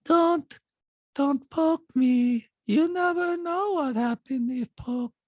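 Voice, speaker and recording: A man voicing an eerie, detached woman who speaks slowly with no inflection, as a parody impression of a reality-show cast member. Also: extremely high pitch, dry recording, lo-fi sound, voice pushed up. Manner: slow, drawn-out, emotionless delivery.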